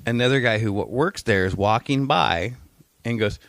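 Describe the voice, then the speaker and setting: With a mid-range voice and moderate pace, this podcast co-host tells a story in casual conversation, acting out the people he quotes. He's animated and swears freely, and the recording is dry.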